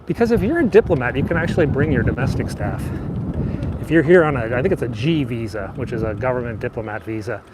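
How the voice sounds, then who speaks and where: A man's voice: mid-range voice, expressive, fast talker. A man streaming live as he bikes along city streets, chatting with his viewers and thinking aloud as he goes. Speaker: livestreaming vlogger. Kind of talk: live-streamed tour while biking. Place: outdoors on a city street while riding a bike. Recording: outdoor phone stream with loud street noise. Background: street ambience and traffic.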